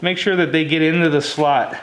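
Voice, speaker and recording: A man casually talking viewers through a hands-on vehicle repair, relaxed and chatty as he works. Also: fairly high pitch, a little fast. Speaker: DIY vehicle tutorial host. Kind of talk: casual hands-on how-to walkthrough. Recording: roomy echo with faint noise.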